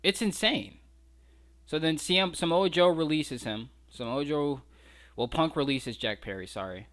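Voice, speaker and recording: A man's voice: fairly high pitch, expressive, unhurried, a bit bright. A man giving a casual, incredulous breakdown of fight footage, mocking and swearing freely. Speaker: wrestling commentary vlogger.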